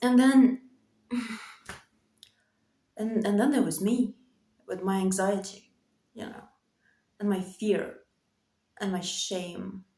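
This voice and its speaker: Emotional woman talking halting to camera. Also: medium pitch, fairly even intonation, mellow. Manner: emotional, halting, repeats phrases, nervous laughs. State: voice cracking with emotion. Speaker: vlogger. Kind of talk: confessional talk to camera. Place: bedroom. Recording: echoey room.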